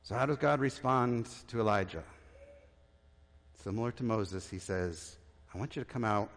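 A man preaching a sermon as pastor, conversational, with restarts, and dropping to a hushed voice for tender points. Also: lowish voice, normal speed. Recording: reverberant church hall.

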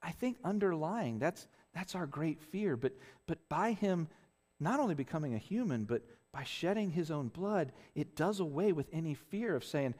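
A man's voice: on the high side, animated, moderate pace, darkish tone, in a large hall. A man preaching a conversational sermon as a pastor, earnest, often restarting phrases and checking in with "right?". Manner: earnest, with frequent restarts and tag questions.

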